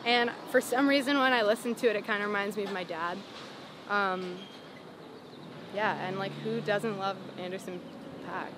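A woman's voice: mid-range voice, normal speed. A singer in her twenties telling a story in a casual interview outdoors, with lots of "like" fillers and frequent laughs. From Los Angeles. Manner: chatty, many "like" fillers, laughs often. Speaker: singer-songwriter guest. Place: outdoors on a city sidewalk. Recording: street noise behind.

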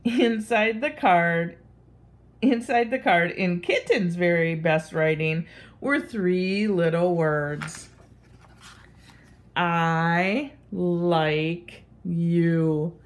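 A woman reading a children's picture book aloud in an expressive, sing-song voice. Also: on the low side, slow pace.

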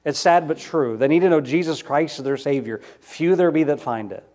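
A man in his thirties preaches a Sunday sermon with a slightly high voice. He talks conversationally and keeps asking the congregation questions. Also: fairly quick, a little mellow. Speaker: pastor.

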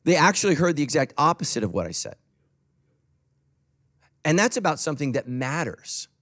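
Lively joking male pastor. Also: on the high side, moderate pace. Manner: conversational, joking, acts out quoted voices. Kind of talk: sermon. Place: church auditorium.

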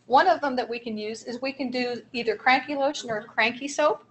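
A woman with a fairly high voice presents a seminar on guiding young children's behavior. She explains each strategy patiently, giving examples for practice. A faint room hum sits underneath. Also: fairly quick, fairly bright tone. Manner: explanatory, encouraging, talks through examples. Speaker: early childhood trainer.

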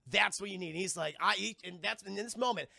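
Gravelly, bright-voiced excitable male streamer. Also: high-pitched, no echo, studio quality. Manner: excitable and profane, quick asides to chat. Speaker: streamer reviewing a film. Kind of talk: live-stream movie recap addressing chat.

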